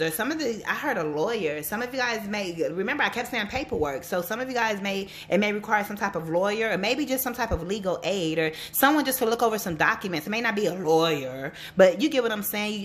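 A woman who works as a psychic reader and life coach, talking casually and animatedly to her viewers and telling stories as she gives a reading. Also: medium pitch. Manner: chatty, animated storytelling, addresses viewers directly.

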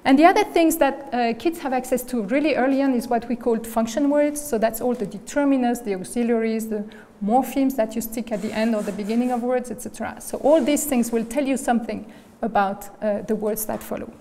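A woman's voice: on the high side, brisk, warm tone. A woman giving an academic lecture as guest speaker. She explains step by step and often checks in with "okay?" and "right?". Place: lecture hall. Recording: reverberant lecture hall.

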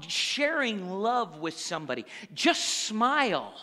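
A pastor with a high, bright, ringing voice delivers a sermon at a moderate pace, speaking animatedly and conversationally to his congregation while tossing in call-and-response asides. A long hall reverb from the church sanctuary surrounds his words.

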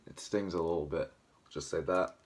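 At home early in the morning, a young vlogger with a dry throat rambles casually to the camera while still waking up, leaning heavily on fillers. His voice is low, his intonation fairly even, and he talks at a normal speed.

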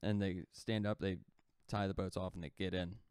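Male podcast co-host, deep and smooth, loose rambling storyteller, close dry mic. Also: level tone, normal speed, darkish tone, dry recording. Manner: loose rambling retelling, heavy on "like" fillers. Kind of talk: casual storytelling.

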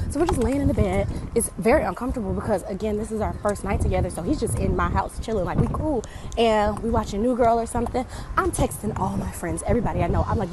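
A woman telling a comic story in a casual, animated, slangy way. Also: on the high side, fast talker, a little hiss or hum. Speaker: storyteller in a social media clip.

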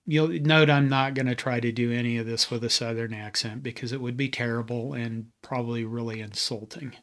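A man's voice: mid-range voice, fairly even intonation, brisk, fairly bright tone. A man hosting a history channel, giving a scripted narration with conversational, wry asides.

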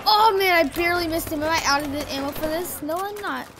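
A woman giving chatty, rambling commentary while playing a video game, breaking into excited yelps. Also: very high-pitched, fast. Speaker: gaming commentator. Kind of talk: casual gameplay commentary. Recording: loud background noise.

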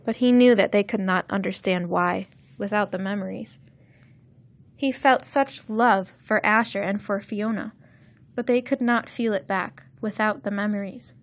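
A woman narrating a novel chapter slowly and clearly for English learners. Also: medium pitch, steady tone. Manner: slow, clear, carefully enunciated reading. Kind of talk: scripted audiobook narration.

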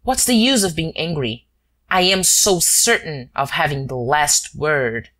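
A woman reading as a proud, cool-headed male detective in an audiobook, lower and quieter than her own voice. He speaks slowly and with measured superiority, as she puts him on. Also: expressive. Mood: calm, superior.

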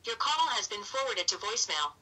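A woman's voice: medium pitch, brisk, recorded from a distance, very noisy. A woman's recorded voicemail greeting playing back over a phone. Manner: flat recorded prompts. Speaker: automated voicemail system. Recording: thin speaker audio from a phone.

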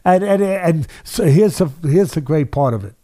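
A man's voice: a little high, lively intonation, normal speed, dark tone, dry recording, clean studio sound. An older man, a boxing trainer, telling stories in an interview, driving points home by repeating phrases. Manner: emphatic, repeats phrases for weight. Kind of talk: interview storytelling.

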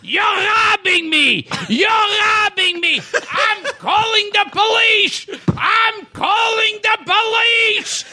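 A man voicing a lecherous old factory boss who yells over and over in a shrill voice. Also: slow pace, hardly any pauses, exaggerated voice. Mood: shouting. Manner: shrill repeated yelling.

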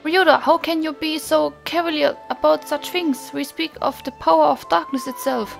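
A woman's voice: sits high, fairly even intonation, moderate pace, creaky, faint music behind, pitched above the performer's own voice. A woman with a German accent reading the lines of an earnest young female songstress who speaks formally and solemnly. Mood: troubled.

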